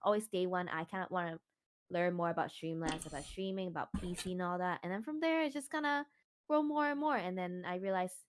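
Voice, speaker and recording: A woman with a somewhat low voice talks in a loose, reflective ramble and leans on fillers like "like". Her delivery stays casual throughout. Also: brisk, slight background noise. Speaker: streamer guest. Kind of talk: casual group chat.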